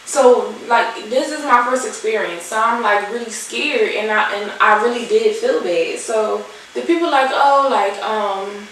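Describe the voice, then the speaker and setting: Young Philly woman vlogger, animated and salty, a bit high, echoey room, set back from the mic. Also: normal speed, few pauses, recorded from a distance, a little hiss or hum. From Philadelphia. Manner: animated, swearing, acts out the people in her story. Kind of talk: storytime vlog while doing makeup.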